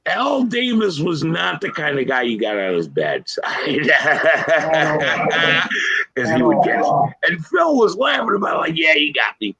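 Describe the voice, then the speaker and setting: Bright, animated sports podcast man. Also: a little high, a little slow, low-quality recording. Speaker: podcast co-host. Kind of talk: casual sports talk.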